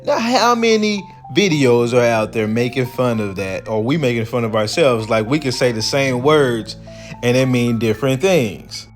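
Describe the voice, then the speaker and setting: A man hosting a commentary video, reading quoted passages slowly and then breaking into loose, casual remarks. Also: mid-range voice, expressive, faint music behind. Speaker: video host.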